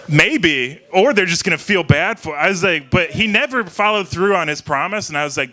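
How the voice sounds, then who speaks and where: A young man from Ohio works through a loose stand-up set, stumbling over restarts and chuckling at his own lines. His voice sits a little high and rings bright. It has a self-deprecating, halting delivery. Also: expressive. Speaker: stand-up comedian. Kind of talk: open mic stand-up set. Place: small bar venue with live crowd.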